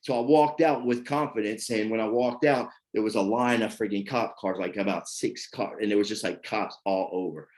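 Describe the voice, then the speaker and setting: A man's voice: lowish voice, moderate pace, few pauses, a little mellow. A middle-aged man giving a candid personal testimony about his past, rambling and repeating fillers as he talks. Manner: rambling, repeats fillers like "you know what I mean". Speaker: person sharing his recovery story.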